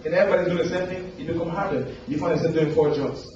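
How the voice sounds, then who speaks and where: A man preaching a motivational sermon, asking his listeners questions and acting out the people he quotes in a high voice. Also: fairly even intonation, very fast, darkish tone, a little hiss or hum. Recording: roomy, dull recording from far off.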